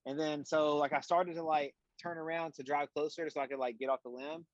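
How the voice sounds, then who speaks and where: Speaking briskly in a fairly high, fairly even voice, this young stream guest chats casually and wanders from point to point. He leans on "like" and "you know" fillers and slips in dry jokes. There's no room sound, though his remote feed comes through slightly muffled.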